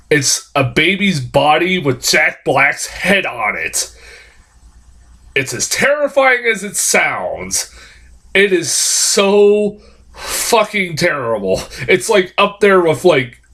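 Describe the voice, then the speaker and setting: A man's voice: a little high, sharp tone. A man with a stuffed-up nose giving a rambling, profane, casual film review full of fillers.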